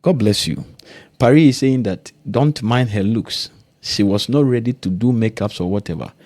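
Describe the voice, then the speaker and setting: A man hosting a ministry channel, introducing a testimony video in a plain, measured way. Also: fairly low pitch, a little mellow, no room sound.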